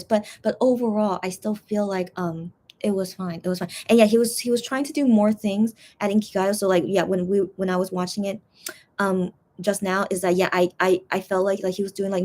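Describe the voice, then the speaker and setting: A young woman in casual chat, rambling to her viewers with lots of fillers and restarts. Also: mid-range voice. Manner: chatty and animated, talking straight to viewers. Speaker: fan vlogger.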